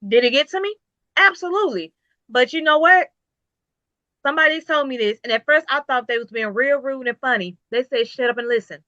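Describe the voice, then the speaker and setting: Interview guest: woman, business owner, bright, dry dull lo-fi sound, emphatic motivational delivery. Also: high-pitched, a little fast, no echo. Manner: emphatic, repetitive, preachy motivational. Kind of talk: casual interview talk.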